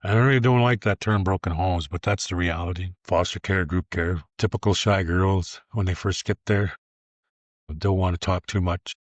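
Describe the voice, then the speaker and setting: A man's voice: low-pitched, steady tone, dry recording. A man in his fifties, a youth treatment program leader, telling plainspoken, earnest stories in a podcast interview. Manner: earnest, plainspoken, unhurried storyteller. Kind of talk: podcast interview, personal storytelling. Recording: dull lo-fi sound.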